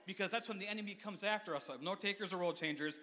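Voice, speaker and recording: A man preaching as a youth pastor, his voice high and bright. His delivery is fast, playful and energetic, and long church reverb trails every line. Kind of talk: lively sermon. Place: church sanctuary.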